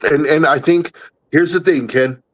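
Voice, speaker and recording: A man's voice: fairly high pitch, a little slow, rough recording. A man co-hosting a podcast in casual chat, talking bluntly and emphatically, swearing freely. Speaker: podcast co-host.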